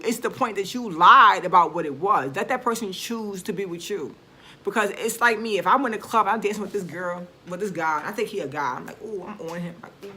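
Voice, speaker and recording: A woman speaks straight to her viewers in a loose, unscripted rant. Her voice is bright and forward, and she leans hard on her points with swearing and sudden emphasis, often stopping to restart a thought. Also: medium pitch. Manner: blunt, emphatic and profane, often trailing off and restarting. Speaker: vlogger. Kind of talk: casual rant to camera.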